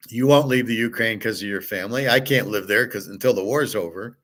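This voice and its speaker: A man's voice: mid-range voice, steady tone, a little fast, fairly bright tone. A middle-aged man hosting a casual monologue, rambling and blunt, swearing freely. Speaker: host.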